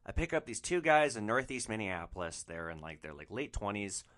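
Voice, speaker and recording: A man hosting a podcast, telling rideshare stories in an animated, profane, exasperated way. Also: lowish voice, fairly quick. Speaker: podcast host, rideshare driver. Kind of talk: comic storytelling.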